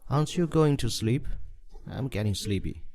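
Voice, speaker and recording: A man's voice: expressive, moderate pace, darkish tone, slight background noise, lightly acted. An actor playing a timid, scheming young rich man in a dubbed drama, whiny and clingy. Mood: sleepy. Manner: whiny and clingy, pitch jumping up in fright. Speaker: bedridden rich husband.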